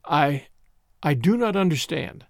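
A man voicing a gentle gentleman who soothes a crying girl in a soft, lowered voice. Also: expressive, measured pace, gravelly, dry recording, studio quality. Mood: bewildered.

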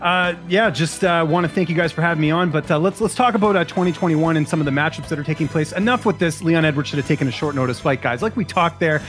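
A man from Canada talks quickly in a high voice and often cuts himself off. His casual podcast chat is rambling and jokey, with light music faintly underneath. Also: fairly bright tone. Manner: rambling, self-interrupting, jokey. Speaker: podcast guest.

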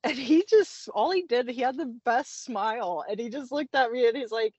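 A woman guest telling a story in a casual interview, animated and self-deprecating, stopping and restarting often. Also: on the high side, normal speed, slightly rough, dry recording. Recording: dull, dry sound.

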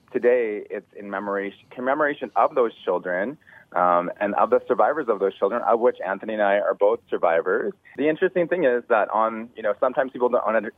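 A man calling in as a guest, explaining a day of remembrance in a measured, earnest way over the phone. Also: fairly low pitch, no room sound. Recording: tinny phone line.

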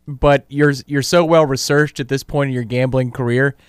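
A man's voice: mid-range voice, steady tone, moderate pace, clear, resonant tone, dry recording, clean studio sound. A man co-hosting sports radio, wry and prodding, summing up his partner's points. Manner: wry, prodding questions, sums up the other's point. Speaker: radio co-host.

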